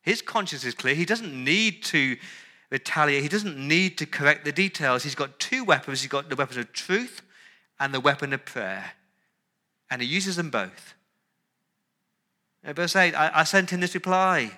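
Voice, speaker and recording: Slightly high and animated yet unhurried, a male pastor delivers an earnest sermon. When he voices prayers, he softens into pleading tones.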